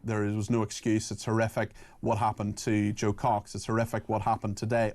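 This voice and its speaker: A man's voice: on the low side, a little mellow. A male British talk radio presenter hosting a live show, speaking in an emphatic, indignant way. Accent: British English.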